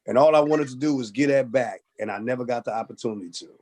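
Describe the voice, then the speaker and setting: A male comedian from Oakland, telling stories in an animated, profane way during a casual podcast interview. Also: medium pitch, quick pace. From Oakland, California. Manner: animated storytelling, acts out voices, profane. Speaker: comedian guest.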